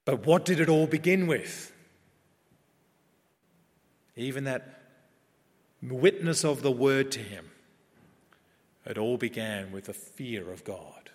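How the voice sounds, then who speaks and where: A man preaching a sermon in a measured, earnest way that builds in emphasis. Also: mid-range voice. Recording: long reverb of a large hall.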